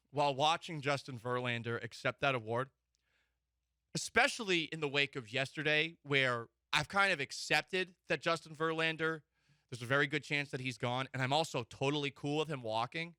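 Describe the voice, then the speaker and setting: A man's voice: on the high side, moderate pace, clean tone, no echo, studio quality. A man hosting a sports talk show, opinionated and joking. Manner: animated, mock-emotional, joking.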